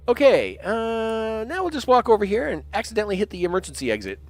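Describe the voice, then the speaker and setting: A man's voice: high-pitched, very animated, quick pace, hardly any pauses. A man giving casual let's-play commentary, chatty, humming and laughing to himself as he plays. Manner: chatty, hums and laughs to himself, many fillers. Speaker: game streamer.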